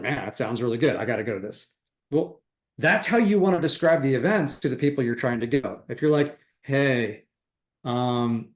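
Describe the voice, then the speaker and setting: A middle-aged man giving a motivational real estate training talk, enthusiastic and acting out quoted chatter. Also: mid-range voice.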